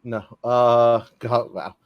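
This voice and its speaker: A man co-hosting a casual gaming news show, excitable and cursing while he tells stories. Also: medium pitch, slow pace, no echo, highs cut off. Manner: lively, swearing, excitable storyteller. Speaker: podcast co-host.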